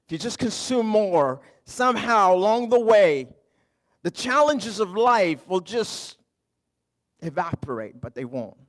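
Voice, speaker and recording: A middle-aged man, a pastor, preaching a conversational sermon, telling stories with humor and moving from quiet lows to loud emphatic highs. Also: sing-song, a little slow. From Canada.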